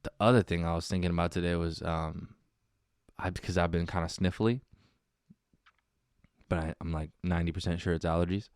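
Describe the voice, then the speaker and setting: A man's voice: low voice, steady tone, a little fast, long pauses, a little mellow, clear, resonant tone, no echo, clean studio sound. A man hosting a casual solo comedy podcast, rambling and meandering, with lots of "dude" and "man.". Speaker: podcast host.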